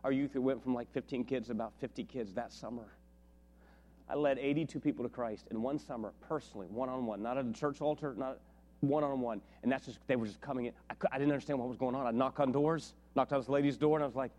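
A middle-aged man from West Virginia preaching a sermon, telling stories and rising to animated, shouted peaks. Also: medium pitch, quick pace, highs cut off. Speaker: pastor.

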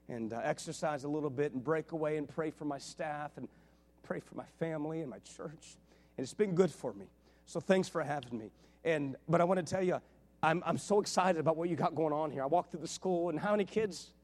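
A male pastor giving a sermon, telling lively stories and dropping to a hushed, intimate tone for emphasis. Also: sits high. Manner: storytelling, animated, drops to a hushed tone.

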